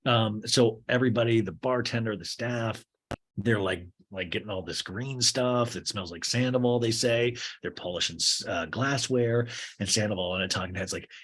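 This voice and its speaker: A man's voice: fairly low pitch, moderate pace, a bit bright. A man hosting a podcast, recapping a TV show in a rambling, crude, wry comic style. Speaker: podcast host. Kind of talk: comedic TV recap.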